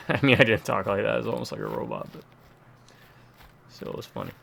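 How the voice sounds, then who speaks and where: A man's voice: fairly low pitch, wildly swooping pitch, a little fast, vocal fry, pushed and bright, slight background noise. A young man from Georgia in the United States giving casual let's-play commentary, muttering running remarks and dry quips as he plays. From Georgia, USA. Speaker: gameplay commentator.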